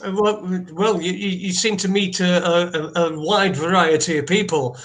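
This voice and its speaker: A man's voice: sits high, steady tone, normal speed, fairly bright tone. A man hosting a casual interview, joking and laughing along with his guest. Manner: jokey, laughs often. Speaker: host.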